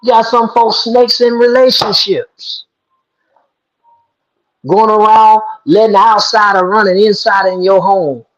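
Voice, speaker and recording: A man's voice: sits high, fairly even intonation, measured pace, fairly bright tone. A man hosting an online talk show, telling a folk story and preaching its moral in a folksy, emphatic way. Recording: dull lo-fi sound.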